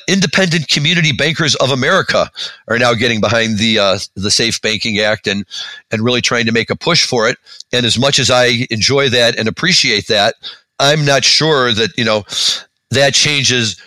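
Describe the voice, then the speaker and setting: A man's voice: medium pitch, moderate pace, bright, forceful tone, no echo, poor audio. A middle-aged man co-hosting a podcast, chatting casually and telling rambling stories with lots of fillers. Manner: rambling, storytelling with many fillers. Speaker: podcast co-host. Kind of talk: casual chat.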